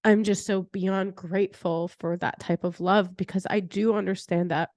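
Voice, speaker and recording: Young woman podcast host, casual storyteller, mid-pitched, lots of "like", dry close recording. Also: normal speed, no room sound. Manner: chatty, heavy use of "like" fillers; animated retelling with laughter.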